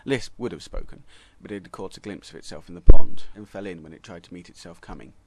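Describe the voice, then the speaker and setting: A man narrating a comic story with wry, deadpan asides. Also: low voice, fast talker, very noisy.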